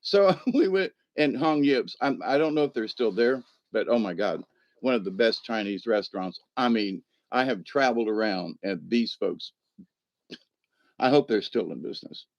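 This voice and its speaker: A man chats on a livestream in a middle-pitched voice. He rambles from one story to the next and laughs often. He breaks off to answer viewers in the chat. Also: animated, moderate pace, dry recording, highs cut off. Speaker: livestream host.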